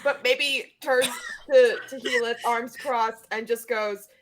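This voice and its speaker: A woman playing a tabletop game, describing her character with playful, deadpan quips. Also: a little high, slow pace, slight background noise. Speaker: player.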